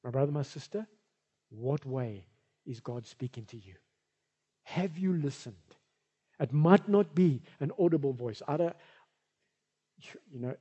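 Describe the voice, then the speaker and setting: A man's voice: mid-range voice, mellow, husky, long reverb tail. A male pastor, preaching a sermon in a conversational, rambling way with side remarks. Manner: conversational, rambling, with asides and filler.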